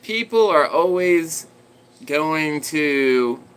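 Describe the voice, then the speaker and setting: A man's voice: fairly high pitch, animated, very slow, fairly bright tone, smooth, rough recording. A man livestreaming, telling a story in a rambling, conversational way and talking to his dog.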